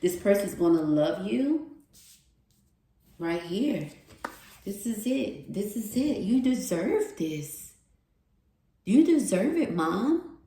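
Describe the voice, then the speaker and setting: A woman speaks in an unhurried, heartfelt way as she gives a tarot reading, repeating encouraging affirmations again and again. Her mid-range voice bounces around a reverberant room, and she never rushes a phrase. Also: mid-range voice, very animated, mellow, a little hiss or hum. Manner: earnest, repeats affirmations over and over. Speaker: tarot reader. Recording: roomy echo.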